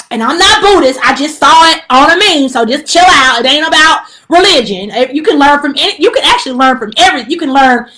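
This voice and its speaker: A high-pitched woman speaks on a phone livestream, urgent and preachy, repeating her warnings again and again. Her voice is bright and forceful, and she mixes casual slang and fillers in with her sermon-like pleas. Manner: casual slang-laced talk with frequent fillers. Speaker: livestreamer giving a spiritual message. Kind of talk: impassioned direct-address livestream plea. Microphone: phone on a live stream.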